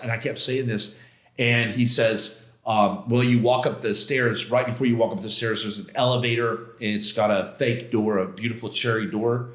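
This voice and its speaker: A man's voice: medium pitch, moderate pace, a bit bright. A middle-aged man, a podcast guest, tells a personal story with intense emotion. He talks in a casual, slangy way, acting out quoted exchanges and restarting his sentences. His mid-range voice rings with a roomy echo.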